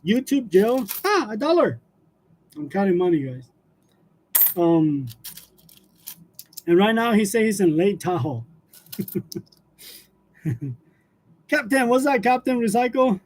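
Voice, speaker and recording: A high-voiced man chats loosely with his livestream viewers. He laughs often, trails off with fillers and drifts from story to story. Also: big pitch swings, slow pace, pauses often. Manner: laughs often while telling stories, chatty with fillers. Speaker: livestream host. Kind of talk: casual livestream chat with viewers.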